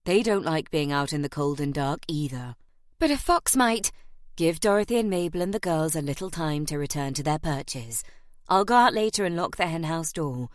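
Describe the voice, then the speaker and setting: A woman narrator voicing a firm, protective young gentleman in an audiobook. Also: low voice, expressive, normal speed, dry recording, studio quality. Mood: calm insistent. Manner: firm, soothing. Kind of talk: audiobook character voice.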